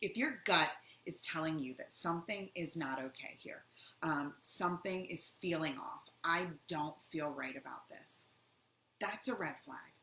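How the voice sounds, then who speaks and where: A woman's voice: deep voice, unhurried, pushed and bright. A woman educator who works on domestic violence, answering viewer questions in an earnest Q&A and explaining through acted-out examples. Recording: echoey room with faint background noise.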